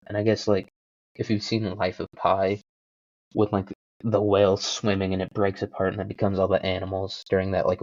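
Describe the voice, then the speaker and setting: A man hosting his own podcast, rambling through a story with jokes and self-deprecating asides. His low, mellow voice comes through a dull, lo-fi home mic with a very dry sound. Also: dry recording. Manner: joking, self-deprecating, full of fillers. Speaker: podcast host.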